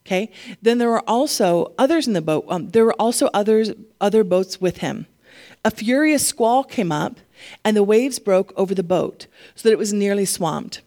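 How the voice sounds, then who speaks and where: A woman pastor preaching a sermon, animated and laughing often, getting emotional at times. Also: mid-range voice, moderate pace.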